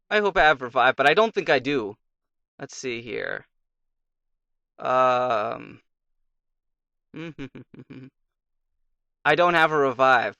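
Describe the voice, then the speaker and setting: A young man talks his way through a video game, drifting between a half-remembered fairy tale and muttered reactions to the battle. His voice sits a little high and sounds bright and tense. It is recorded close and dry, with no room sound. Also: lively intonation, a little slow, vocal fry, long pauses, no echo. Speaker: let's play commentator. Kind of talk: casual gameplay commentary with storytelling.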